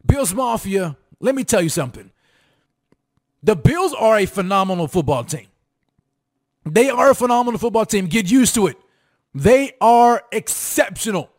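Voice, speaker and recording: Energetic male sports show host with a high-pitched voice, talks straight to the fans and repeats lines for punch. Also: moderate pace, long pauses. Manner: hyped, repetitive, sing-song emphasis, calls out to audience. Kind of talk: fired-up sports commentary to fans.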